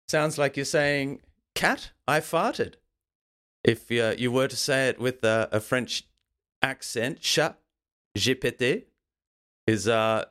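A man's voice: medium pitch, a bit bright. A man hosting a football podcast in a playful, jokey, promotional way. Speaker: podcast host.

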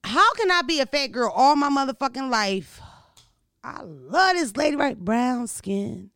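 Brash, gravelly woman. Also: high voice, unhurried, no room sound, studio quality. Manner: brash, profane, animated storytelling. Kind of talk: casual storytelling chat.

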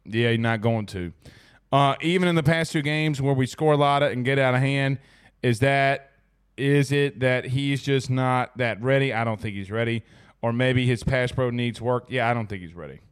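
A man's voice: medium pitch, moderate pace, clear, resonant tone. A man hosting a casual sports talk stream, chatting loosely as he reads out viewer comments. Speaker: sports talk show host.

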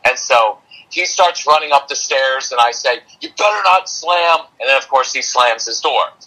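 A man's voice: mid-range voice, normal speed, rough recording. A middle-aged man, a parenting coach, telling a personal story in a podcast interview and acting out what he and his son said. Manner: animated, acts out quotes of himself and his son.

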